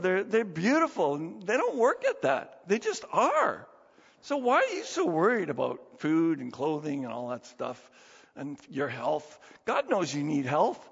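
Middle-aged male pastor, lively conversational sermon, fairly high voice, dull reverberant hall sound. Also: breathy edge. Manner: animated, conversational, with laughs and rhetorical questions.

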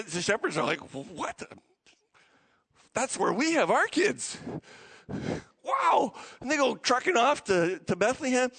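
A man preaching a sermon, telling the story with animated, excitable energy and frequent restarts. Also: high-pitched, rough recording. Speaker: pastor.

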